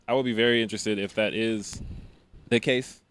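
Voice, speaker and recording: A man's voice: on the low side, steady tone, normal speed, fairly bright tone, smooth. A young man co-hosting a casual podcast chat, easygoing and agreeable. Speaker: podcast co-host.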